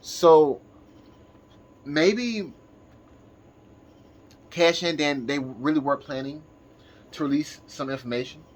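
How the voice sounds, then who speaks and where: A tired man talking in a casual, halting monologue to his viewers, full of restarts and fillers. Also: a little high. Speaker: channel host.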